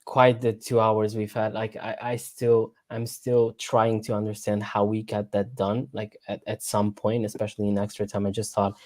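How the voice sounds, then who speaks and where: A man's voice: fairly low pitch, monotone, normal speed, hardly any pauses, a little mellow. A man co-hosting a casual football livestream, rambling and stammering with sarcastic asides. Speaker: livestream co-host. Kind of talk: casual football podcast chat. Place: home room, lives abroad.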